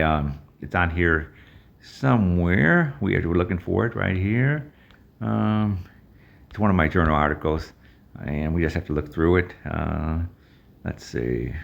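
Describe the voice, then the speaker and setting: A low-voiced man talks through an app on screen. He speaks haltingly, full of fillers and restarts. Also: gravelly, lo-fi sound. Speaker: app presenter. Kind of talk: screen-share app walkthrough.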